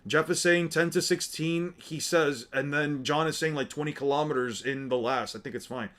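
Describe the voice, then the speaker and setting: A man's voice: fairly high pitch, moderate pace, a bit bright. A young man casually reacting to a comic with his chat, joking around, swearing freely and reading chat messages aloud. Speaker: streamer reading manga with chat.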